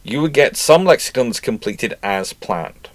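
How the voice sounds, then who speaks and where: A man hosting a history channel reads out viewer comments in a rambling, chatty way, correcting himself as he goes. His mid-range voice is expressive and measured in pace, heard in a dry recording.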